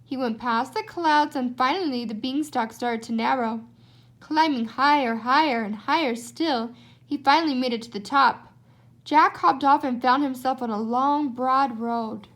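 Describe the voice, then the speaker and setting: A woman reading a children's storybook aloud, giving the narration an expressive lilt. Her voice is high and light. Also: measured pace. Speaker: storybook reader.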